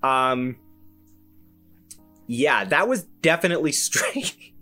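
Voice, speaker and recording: A young man hosting a podcast, telling a story in an animated, self-amused way with lots of fillers and restarts. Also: on the high side, slow pace, faint music behind. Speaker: podcast host. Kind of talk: casual solo storytelling.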